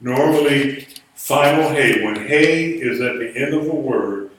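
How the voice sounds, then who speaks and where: A man's voice: mid-range voice, measured pace, fairly bright tone, a little hiss or hum. A man teaching a Biblical Hebrew class in a classroom lecture style, patiently explaining rules and spelling words out letter by letter. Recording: echoey room, voice far from mic.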